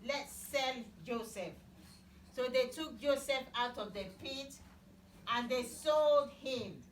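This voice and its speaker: A woman's voice: sits high, slight background noise. A woman telling a Bible story to children in simple words, asking them questions as she goes, recorded in an echoey room far from the mic. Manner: slow, simple wording, asks children questions. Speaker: Bible teacher.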